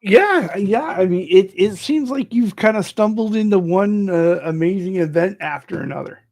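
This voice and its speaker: Man, podcast host, gravelly voice, slightly high, encouraging reactions. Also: normal speed, a little mellow. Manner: encouraging listener, short reactions, reads chat comments. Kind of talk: casual chat.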